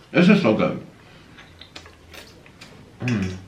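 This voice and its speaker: A man's voice: medium pitch, darkish tone, lo-fi sound. A man chatting casually to the camera as he eats, cooing now and then at his pet. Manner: chatty, coos at his pet between bites. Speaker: food vlogger. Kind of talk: casual mukbang chat to camera. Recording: echoey room with faint noise.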